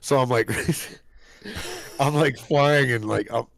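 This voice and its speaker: A man's voice: medium pitch, takes it slowly, gravelly, fairly bright tone, dry recording. A man hosting a casual podcast chat, telling stories animatedly, acting out quotes, swearing and laughing. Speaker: podcast host.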